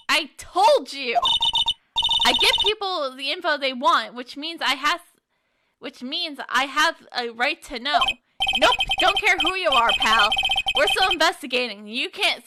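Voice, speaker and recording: A woman's voice: sits high, very noisy. Woman doing a pushy southern gal reporter. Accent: put-on American Southern. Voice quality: loud, pushy, drawling. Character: brash young female journalist with a southern twang.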